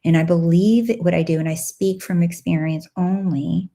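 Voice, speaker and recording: A woman, likely in her thirties, hosting a casual live-stream Q&A and chatting warmly and excitedly with viewers. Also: normal speed, gravelly, hardly any pauses. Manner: bubbly, animated, with squealing excited highs. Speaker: live Q&A host and coach.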